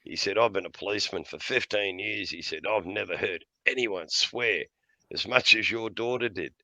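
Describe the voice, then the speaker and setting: A man's voice: on the low side, moderate pace, pushed and bright, no room sound. A middle-aged man telling blunt, profane stories in casual chat, often laughing between lines. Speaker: podcast host.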